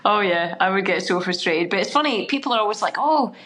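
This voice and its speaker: A woman's voice: expressive, quick pace, bright, forceful tone, slight background noise. A middle-aged Scottish woman chatting as a podcast guest, bubbly and full of energy. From Scotland. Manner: bubbly, high-energy, exclamatory. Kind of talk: casual chat.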